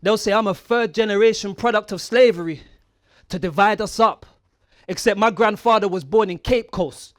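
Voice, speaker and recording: A man's voice: high voice, normal speed, no room sound, studio quality. A man from the United Kingdom, performing a battle rap in a pointed, confrontational way. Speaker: battle rapper.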